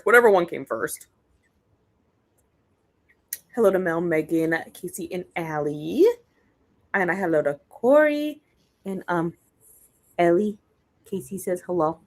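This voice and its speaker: A young woman with a somewhat low voice hosts a relaxed reading livestream. She chats casually and greets viewers by name one after another, with an easy, conversational flow. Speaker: readathon livestream host.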